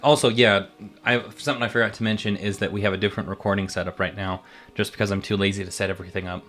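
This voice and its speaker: A man's voice: on the low side, fairly even intonation, very fast, a bit bright, faint music behind. A man running a tabletop game as game master, hesitant, with many ums and restarts.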